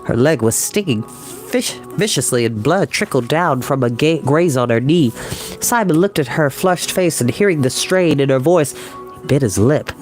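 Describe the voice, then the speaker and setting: Guy reading a kids book aloud, slightly high voice, faint music behind. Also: lively intonation, moderate pace. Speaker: storyteller.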